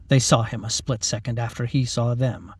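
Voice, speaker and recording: A man, the author, narrating his own story in a steady, dramatic reading. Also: medium pitch, moderate pace, slightly rough, dry recording, distant mic. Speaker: author and reader. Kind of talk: scripted narration.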